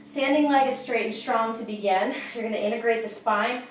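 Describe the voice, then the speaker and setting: Breathless high-voiced woman fitness instructor. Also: brisk, a little hiss or hum. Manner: upbeat, coaching, says "okay?" and "you guys" often. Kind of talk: exercise demonstration. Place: at home. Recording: echoey room from far off.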